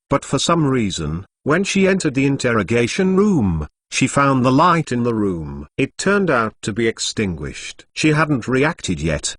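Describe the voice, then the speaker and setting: A text-to-speech male voice narrating a translated novel in an even, machine-read delivery. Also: mid-range voice, no room sound, clean studio sound. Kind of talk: synthetic story narration.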